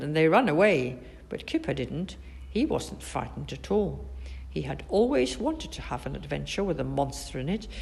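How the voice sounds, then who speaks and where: A woman reading a children's storybook aloud, expressive and animated. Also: sits low, creaky. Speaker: narrator.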